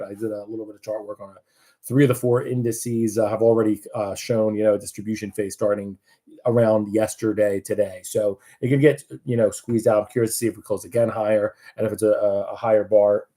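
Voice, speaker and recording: A man's voice: fairly low pitch, little pitch movement, fairly quick, dark tone. A man giving casual live market commentary, chatty and loose, with many fillers and restarts.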